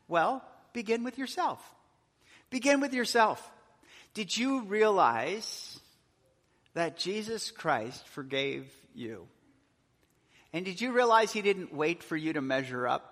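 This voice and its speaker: A man's voice: high-pitched, big pitch swings, measured pace, fairly bright tone. A male pastor preaching a sermon, earnest, with rising and falling emphasis. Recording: long hall reverb.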